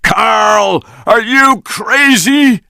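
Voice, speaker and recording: A man's voice: high-pitched, a little slow, vocal fry, pushed and bright, no echo, clean studio sound, voice pushed up, heavily acted. A man voicing an urgent young hero in a storybook reading, calling out warnings in a raised voice.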